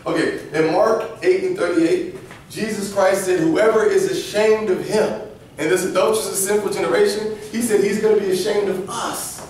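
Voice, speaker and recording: A man with a slightly high voice leads a lively Bible lesson for kids, quizzing the class and acting out little scenes. He is heard from a camera well back in a very echoey church room, with faint noise behind. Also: normal speed, distant mic. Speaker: church youth teacher.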